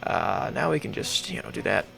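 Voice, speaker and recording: Excitable, rambling gamer man, lively voice. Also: on the low side, normal speed, vocal fry, over music. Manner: rambling, excitable, sudden loud outbursts and swearing. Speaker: gaming YouTuber. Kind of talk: casual let's-play commentary.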